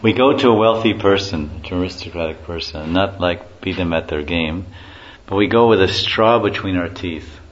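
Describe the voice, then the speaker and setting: A man's voice: low voice, moderate pace, few pauses. A man giving an informal spiritual lecture, telling stories with chuckles and acting out the quotes. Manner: storytelling, chuckling, acts out quotes. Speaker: spiritual teacher. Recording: muffled lo-fi recording with faint hiss.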